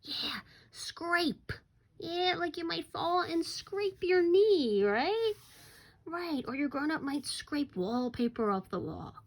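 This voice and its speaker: This is a woman giving a recorded phonics lesson to young children; she is slow and encouraging and drops to a whisper at times for suspense. Her pitch is extremely high, and her intonation is lively.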